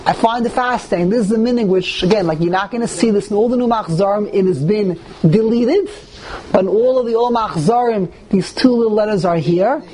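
High-voiced man lecturing emphatically. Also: a little fast. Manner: emphatic, animated, reads texts aloud and explains them. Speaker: religious teacher. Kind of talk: lecture to a live group.

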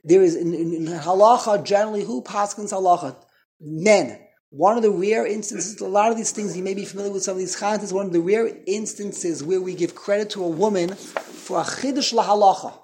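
Man teaching a lively Torah class. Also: high voice, a little fast, slight background noise. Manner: conversational, quizzes the class, self-correcting.

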